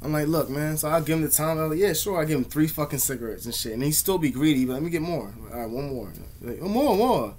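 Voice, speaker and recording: A man's voice: on the high side, fast, hardly any pauses, darkish tone, slight background noise. A young man vlogging, telling casual, slangy, profanity-heavy stories in a laid-back way. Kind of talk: casual storytelling.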